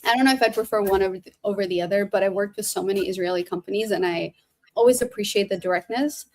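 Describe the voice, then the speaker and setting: A woman from Albania hosting a casual podcast interview, friendly and quick to chime in with short replies. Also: medium pitch. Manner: friendly, quick to laugh along, many short backchannels. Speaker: podcast host, recruiter.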